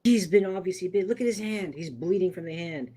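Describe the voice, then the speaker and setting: A man's voice: sits high, fairly quick, dark tone, voice pushed up. A man voicing a frightened, distrustful armed stranger in a tabletop game, tense and insistent. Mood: frantic.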